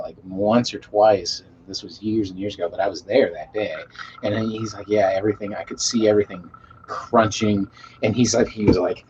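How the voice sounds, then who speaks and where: A man telling a rambling story to a live chat, swearing a lot and trailing off into quiet mumbles. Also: on the low side. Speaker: streamer reading chat. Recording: dull lo-fi mic with faint hiss.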